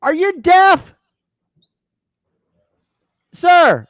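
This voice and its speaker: A man imitating a female flight attendant who yells every word at a passenger. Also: very high voice, expressive, no room sound, voice pushed up, exaggerated voice. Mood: yelling. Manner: yelling slowly at a passenger. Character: loud, over-careful female flight attendant.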